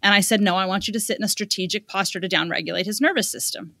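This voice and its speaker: A woman guest on a podcast telling a story about a client in a lively, conversational way, acting out the quotes as she goes. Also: mid-range voice, very fast, creaky, no room sound, studio quality. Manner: animated, quotes others in lively asides. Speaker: guest parenting expert.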